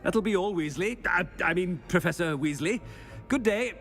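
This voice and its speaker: An actor playing a vain, pompous middle-aged headmaster who talks in a haughty, flustered way. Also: male voice, high-pitched, lively intonation, normal speed, vocal fry, fairly bright tone, faint music behind, full character voice.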